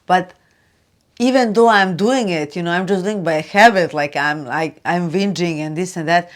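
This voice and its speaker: A woman hosting a spiritual video, talking loosely and chattily with lots of "you know" and "like", turning soft and hushed for advice. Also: on the low side, normal speed. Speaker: spiritual channel host. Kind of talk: casual spiritual talk to camera.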